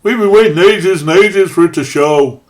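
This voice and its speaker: A man's voice: sits high, normal speed, pitched above the performer's own voice, natural voice. A man doing cocky kid monster hunters, Midwest twang. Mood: eager. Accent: put-on American Midwest. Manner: boastful, chummy. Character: eager young boy monster hunters, cocky.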